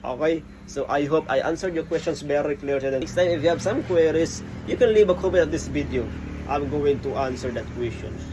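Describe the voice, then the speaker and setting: A man's voice: on the high side, brisk, noisy background. A man vlogging to camera beside an old house, with playful, mock-menacing boasts. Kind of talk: casual vlog to camera.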